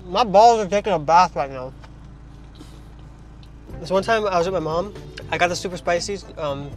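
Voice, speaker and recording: Young man, jokey car vlog. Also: fairly high pitch. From Trinidad. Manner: rambling, jokey asides. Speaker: vlogger. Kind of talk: casual car vlog while eating. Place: parked car.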